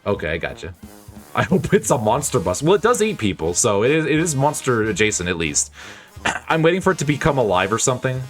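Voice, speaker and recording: A man's voice: medium pitch, very animated, a little fast, soft background music. A man streaming a game, reading its dialogue aloud and joking with his chat between lines in a playful, chuckling way.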